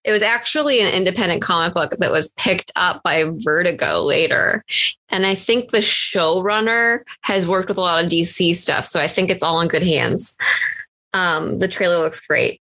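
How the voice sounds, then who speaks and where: Bright-voiced woman chatting casually. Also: on the low side, normal speed. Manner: chatty, giggly, excited about pop culture. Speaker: podcast co-host. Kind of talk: casual chat.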